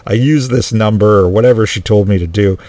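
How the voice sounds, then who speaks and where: A man's voice: lowish voice, fairly quick, darkish tone, no room sound. A man telling a personal story in a rambling way, full of restarts and asides. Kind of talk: casual storytelling monologue.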